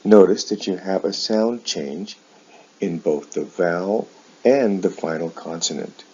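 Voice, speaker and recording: Deep-voiced male teacher, slow careful diction, husky, muffled lo-fi recording. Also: darkish tone. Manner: slow, careful enunciation of example words. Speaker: English teacher. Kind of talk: slow explanatory pronunciation lesson. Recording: dull lo-fi sound.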